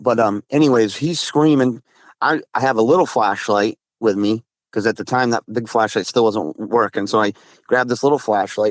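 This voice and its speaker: A man's voice: lowish voice, dry recording. A man from Massachusetts casually recounting a frightening encounter, rambling with restarts and acting out both sides of conversations. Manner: rambling, restarts, quotes friend in dialogue. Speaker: guest telling an encounter. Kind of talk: casual storytelling.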